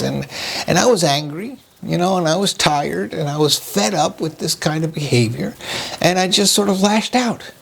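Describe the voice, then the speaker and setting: A man giving a slow, reflective spiritual talk, often restarting his phrases and asking "right?" as he works through his thoughts. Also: on the high side, gravelly, husky. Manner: slow, searching, with frequent restarts and rhetorical "right?". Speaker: preacher.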